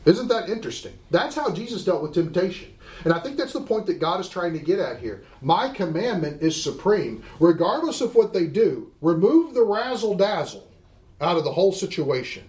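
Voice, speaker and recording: Man, Bible class teacher, high voice, emphatic, quizzes the class, roomy echo. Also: very animated, moderate pace, darkish tone. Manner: emphatic, asks the class questions.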